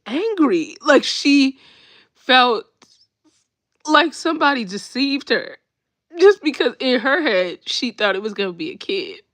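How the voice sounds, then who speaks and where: A woman, telling family stories in a casual, animated way and laughing often. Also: sits high, measured pace, dry recording. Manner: animated, laughs often, repeats "when I tell you". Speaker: storytelling host. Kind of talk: casual storytelling chat.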